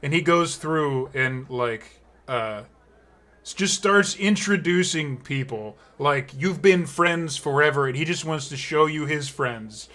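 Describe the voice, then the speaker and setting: A man's voice: fairly high pitch, a little slow, sharp tone. A man narrating a tabletop game as game master, rambling and full of fillers and laughter.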